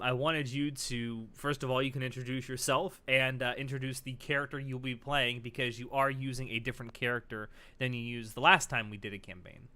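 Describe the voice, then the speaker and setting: A man's voice: medium pitch, bright, forceful tone, clear, resonant tone. A man hosting a live tabletop game stream, upbeat and chatty with frequent fillers. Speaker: host. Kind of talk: casual stream intro.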